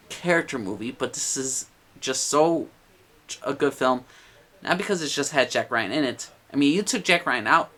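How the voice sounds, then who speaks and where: A man's voice: medium pitch, pushed and bright. A man giving a casual movie review, enthusiastic and rambling, with lots of "uh" and "like". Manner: enthusiastic, rambling with many fillers.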